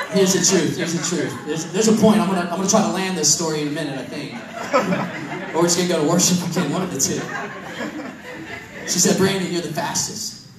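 A high-voiced young man from Missouri tells a sermon story in a loose, self-mocking, joking way. He sounds distant from the mic, with a big echo around him and faint room noise. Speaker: preacher. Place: church hall. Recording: echoey hall from far off.

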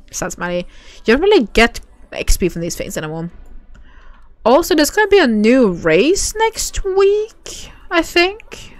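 A woman streaming a horse game, chatting casually with viewers and giggling often. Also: medium pitch. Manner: giggly, chatty, reacts to chat. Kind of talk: casual livestream chat.

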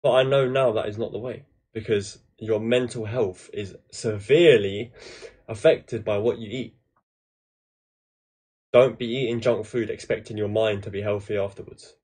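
A man's voice: lowish voice, fairly even intonation, moderate pace, darkish tone, breathy edge. A man hosting a reaction video, chatting casually, laughing and swearing freely.

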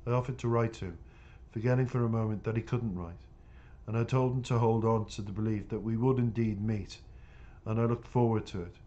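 A man narrating his own novel in a plain, steady reading style. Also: on the low side, a little fast, dull audio. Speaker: author reading his book. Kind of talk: audiobook narration.

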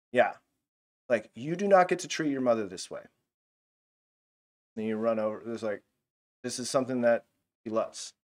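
A man teaching a Bible lesson in a casual, animated way, full of fillers like "like". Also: mid-range voice.

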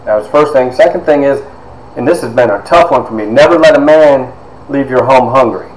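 A man, a university instructor, telling stories from his life to his class, lively and sometimes dropping into hushed asides. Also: mid-range voice, fairly quick, roomy sound, crowd noise, low-quality recording. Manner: animated storyteller, drops to hushed asides. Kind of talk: storytelling lecture to a class.

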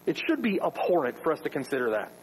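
A man's voice: a little high, sing-song, fast talker, a little hiss or hum, rough recording. A man preaching a sermon as pastor, emphatic, with rhetorical questions.

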